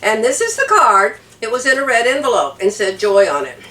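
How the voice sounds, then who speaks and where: In a casual vlog, an older American woman who has been crying tells her viewers a story, laughing between sentences. Her voice is fairly high, quick, bright, and forceful, with big pitch swings, and the echoey room leaves her a bit far from the mic.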